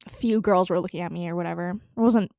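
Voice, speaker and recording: A woman's voice: on the low side, fast, vocal fry, dark tone, no room sound, clean studio sound. A young woman telling a story in a casual, rambling way, full of fillers, restarts and swearing. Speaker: storytelling vlogger.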